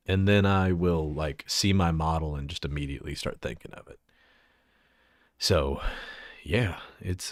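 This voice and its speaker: A low-voiced Central Texas man shows off his avatar model on a livestream, chatting loosely and profanely while tinkering with his settings. He's expressive, with wide pitch swings, vocal fry, easy laughter, a measured pace and frequent pauses. The sound is dry and close with no room around it.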